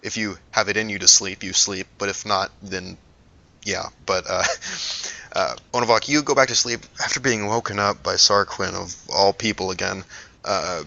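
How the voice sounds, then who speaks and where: A man narrating a tabletop game as game master, halting and full of fillers as he describes scenes. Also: sits low, steady tone, creaky, sharp tone. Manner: hesitant, lots of ums and restarts while describing scenes. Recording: dull lo-fi recording.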